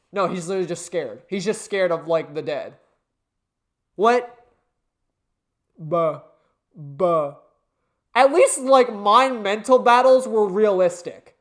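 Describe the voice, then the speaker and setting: A man giving casual let's play commentary in an excitable, swearing, joking way. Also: high-pitched, a little slow, long pauses.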